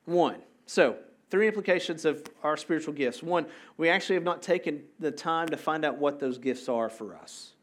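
Casual, animated man preaching. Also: fairly high pitch, normal speed, few pauses. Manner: casual and animated, with asides to the congregation. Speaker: pastor. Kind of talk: conversational sermon.

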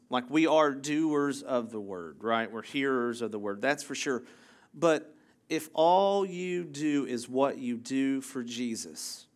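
A man preaching a casual, conversational sermon, chatty and full of jokey asides, who keeps checking in with the congregation by asking "right?". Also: medium pitch. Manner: self-interrupting, jokey asides. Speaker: pastor.

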